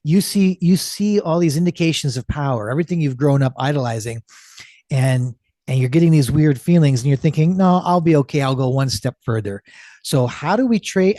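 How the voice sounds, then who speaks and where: A man's voice: a little high, dark tone, no room sound, clean studio sound. A man speaking as a podcast guest in casual conversation, earnest and emphatic, stacking up phrases.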